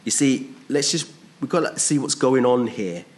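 A man preaching a sermon to a congregation, emphatic and fond of rhetorical questions, pushing his pitch up on key points. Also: animated, normal speed, darkish tone.

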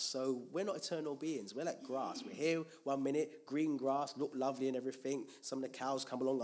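A man's voice: medium pitch, a little fast, few pauses, a little mellow. A man preaching a Bible teaching sermon, asking rhetorical questions and answering them himself, with frequent restarts and repeated words.

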